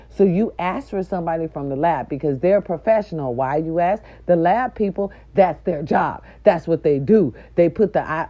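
An older woman, a nurse's aide and grandmother, telling an indignant, profane story straight to her viewers in a loud, animated rant. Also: low-pitched, dull audio.

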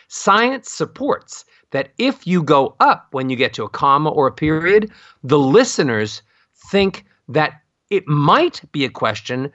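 A middle-aged man coaching on voice, talking expressively and swooping his pitch up and down to show melody. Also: fairly bright tone, no echo, lo-fi sound. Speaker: vocal coach. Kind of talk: expressive instructional talk with sung-like demonstrations.

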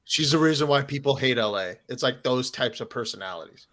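A man's voice: mid-range voice, expressive, brisk, fairly bright tone. A man co-hosting a podcast in casual chat, rambling and profane, with many filler words. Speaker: podcast co-host.

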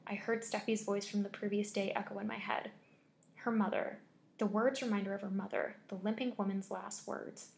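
A woman reading a scary story aloud with steady, measured storytelling. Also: medium pitch, creaky. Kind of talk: scripted horror story narration.

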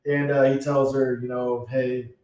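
A man's voice: on the high side, normal speed, a little mellow, far from the mic. A man co-hosting a podcast, casually recapping a TV episode and acting out the characters' lines in a laid-back way. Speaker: podcast co-host. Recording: echoey room, voice off-mic.

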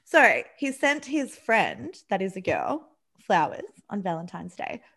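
A woman's voice: medium pitch, big pitch swings, a little slow, gravelly, a bit bright. A young woman co-hosting a podcast in casual chat, reading listener messages in an upbeat, supportive way. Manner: upbeat, supportive, calls people babe and girl. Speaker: podcast co-host.

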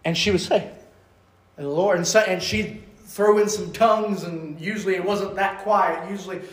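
A man preaching a sermon as an evangelist, fervent, rising to loud bursts and then dropping soft. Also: sits high, fairly even intonation, normal speed. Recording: echoey room.

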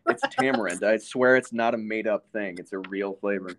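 A man co-hosting a podcast, chatting with dry, wry humor and quick laughs. His voice sits very low, and the sound is close and dry with no room around it. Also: fairly bright tone, no echo. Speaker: podcast co-host. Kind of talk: casual chat.

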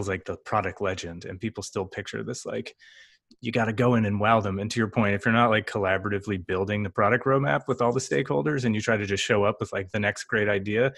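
Man, gravelly voice, podcast host, chatty and jokey, home office. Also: fairly low pitch, fairly bright tone, no room sound, studio quality. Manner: chatty, jokey, quick asides. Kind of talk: casual podcast conversation.

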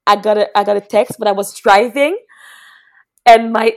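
A young woman tells a personal story in loose, casual chat, cursing freely and restarting her sentences. She drops to a hush, then bursts out laughing. Her voice sits at an ordinary middle pitch. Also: normal speed. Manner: loose, profane, rambling with many restarts; swings between hushed and loud laughing.

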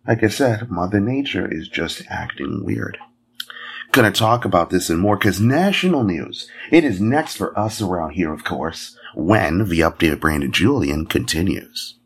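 A man's voice: lowish voice, breathy edge. A man hosting a news podcast, reading stories with chatty, jokey asides. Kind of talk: casual news commentary.

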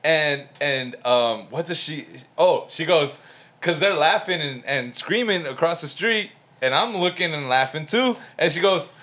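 A man's voice: a little high, lively intonation, a little slow, pushed and bright. A man co-hosting a casual comedy podcast, playful and laughing as he tells stories. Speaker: podcast co-host.

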